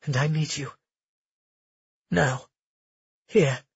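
A man's voice: steady tone, drawn-out words, creaky, husky, no room sound, dull audio, exaggerated voice. A man voicing an emotional young woman in love, in an earnest, pleading audiobook character voice. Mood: breathless. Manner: pleading, earnest, raised pitch for a female part.

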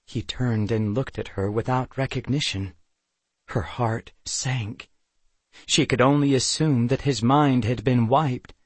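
A man reading a storybook aloud at a slow, deliberate pace, recorded close and dry with no room sound. His pitch sits in the ordinary male middle and his delivery is measured and even. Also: no room sound. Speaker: audiobook narrator. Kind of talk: scripted narration.

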